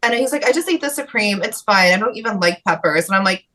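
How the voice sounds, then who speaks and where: Bright-voiced woman telling a story. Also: medium pitch, quick pace, slight background noise, low-quality recording. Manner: animated storytelling with swearing. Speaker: podcast co-host. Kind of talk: casual profane chat.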